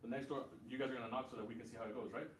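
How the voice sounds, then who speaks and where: A man's voice: medium pitch, steady tone, rapid-fire. A young man speaking casually as a community organizer, full of fillers and "right?" tags. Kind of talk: casual talk and Q&A. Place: university meeting room. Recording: echoey room, far from mic, faint noise.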